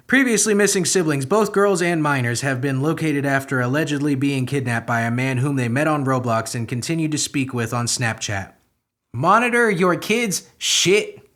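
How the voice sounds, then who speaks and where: This is a young male comedy podcaster whose voice sits a little high, expressive and fairly bright, at a moderate pace. He reads news stories aloud and breaks off into exasperated, sarcastic, profane commentary, alternating between muttering and outbursts.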